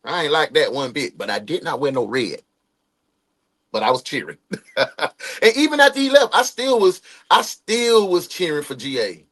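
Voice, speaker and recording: A man in his forties chats loosely on a livestream, mixing street slang with motivational pep talk. His voice sits a bit high and swings widely up and down as he calls out to viewers. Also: very animated, moderate pace, a bit bright. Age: 40s. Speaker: livestream host. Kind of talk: casual livestream chat, greeting viewers.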